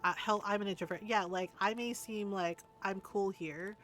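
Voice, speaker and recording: A woman's voice: mid-range voice, steady tone, normal speed, fairly bright tone, faint music behind. A woman streamer chatting candidly over gameplay, laughing often and swearing casually.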